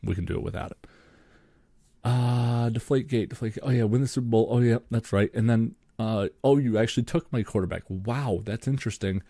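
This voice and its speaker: A man's voice: medium pitch, brisk, dark tone, no room sound, clean studio sound. A young man, co-hosting a podcast and ranting sarcastically about sports, swearing freely. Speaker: podcast co-host. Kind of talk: solo sports podcast rant.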